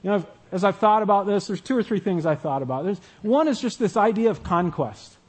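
High-voiced man preaching conversationally. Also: animated, brisk. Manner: conversational, asks the audience questions. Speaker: pastor. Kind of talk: sermon.

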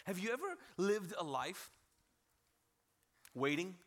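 A man's voice: sits high, sing-song, takes it slowly, fairly bright tone. A man in his thirties, a pastor, preaching a sermon in a conversational, humorous storytelling way and addressing the congregation directly.

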